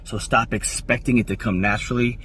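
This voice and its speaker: A man's voice: mid-range voice, fairly even intonation, fairly quick, fairly bright tone. A man coaching other men in a firm, didactic tone, now and then acting out quoted lines. He sits a little back from the mic, with a faint hiss of noise behind him. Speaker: relationship coach. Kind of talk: instructional monologue in a clip. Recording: slightly distant with faint background noise.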